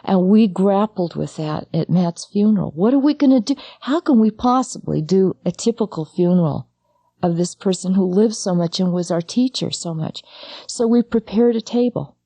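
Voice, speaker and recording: Mellow-voiced middle-aged woman, intimate and halting. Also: medium pitch, animated, no room sound. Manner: intimate, halting, speaks straight to the listener. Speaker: psychologist and bereaved mother. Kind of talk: personal talk on grief.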